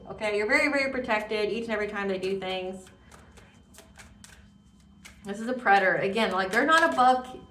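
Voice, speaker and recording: A woman's voice: mid-range voice, a bit bright, recorded from a distance, a little hiss or hum. A woman giving a casual tarot reading, rambling and emphatic, repeating words with many fillers. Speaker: tarot reader. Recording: echoey room, voice off-mic.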